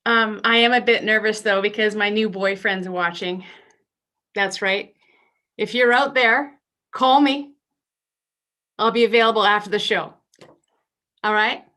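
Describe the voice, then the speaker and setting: A woman's voice: mid-range voice, unhurried, pauses often, bright, forceful tone. A woman in her fifties doing a stand-up routine, brash and self-deprecating with bawdy punchlines. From Canada. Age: 50s. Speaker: stand-up comedian.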